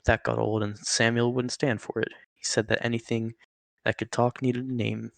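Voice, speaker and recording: A man's voice: mid-range voice, flat delivery, normal speed, creaky, no echo, close to an everyday voice. A man voicing Nate, a wry old talking rattlesnake. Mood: chatty. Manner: matter-of-fact, chatty, joking.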